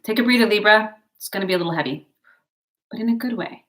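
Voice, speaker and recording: A woman's voice: medium pitch, fast, fairly bright tone. A woman giving a casual, chatty tarot and horoscope reading, encouraging her viewers and drifting into side stories. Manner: chatty, digressive, encouraging, addresses viewers as guys. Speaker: tarot and astrology reader.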